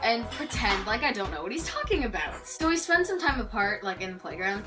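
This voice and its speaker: A teenage girl from Canada telling a story in a lively vlog, acting out what people said. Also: on the high side, a little fast, distant mic. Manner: animated storytelling, acting out quotes. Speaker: vlogger. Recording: voice off-mic with loud background music.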